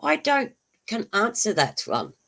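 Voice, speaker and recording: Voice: mid-range voice, wildly swooping pitch, measured pace, vocal fry, bright, forceful tone. A livestream host who chats casually, laughs often and answers viewers' comments. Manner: laughs often, chatty and rambling, answers chat.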